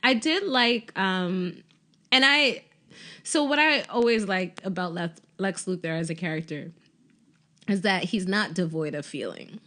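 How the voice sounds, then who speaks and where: A woman's voice: fairly low pitch, measured pace. Laughing woman recapping a TV episode. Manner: animated, laughs often, acts out characters' lines. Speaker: podcast co-host. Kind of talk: casual TV recap chat.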